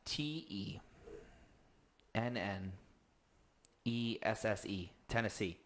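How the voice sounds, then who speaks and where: A man's voice: on the low side, animated, background noise. A man co-hosting a casual podcast, spelling words out letter by letter and joking at his own expense. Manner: self-deprecating, spells words out slowly. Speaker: podcast co-host. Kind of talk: casual chat, spelling game.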